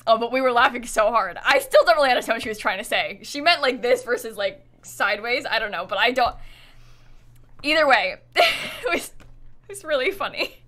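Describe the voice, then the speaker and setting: Young female streamer, bright chatty voice, giggly storyteller, keys clicking behind. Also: on the high side, lively intonation, normal speed. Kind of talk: casual livestream chat while gaming.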